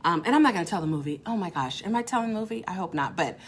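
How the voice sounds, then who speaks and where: A woman's voice: fairly low pitch, breathy edge. Chatty woman hosting a live parenting chat. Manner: animated, quick asides, laughs often. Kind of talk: casual live-stream chat. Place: her salon suite.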